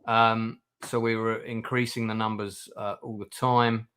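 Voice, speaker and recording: A man's voice: lowish voice, little pitch movement, measured pace, fairly bright tone, smooth. A man hosting a livestream, chatting casually with guests, with lots of fillers and restarts. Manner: rambling, many fillers and restarts. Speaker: channel host.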